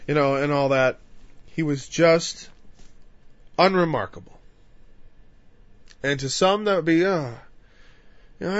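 A man's voice: a little high, fairly even intonation, slow, long pauses, no echo, muffled recording. A middle-aged man teaching from the Bible in a casual, conversational sermon, acting out quotes in playful voices.

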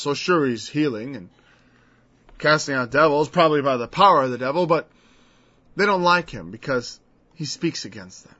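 A man teaching scripture in a relaxed, conversational sermon, with a voice a little above the usual male range. He keeps slipping into the voices of the people he quotes. The recording sounds dull and lo-fi. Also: a little high. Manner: conversational, acts out quoted speakers in changed voices. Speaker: preacher. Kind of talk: verse-by-verse Bible teaching.

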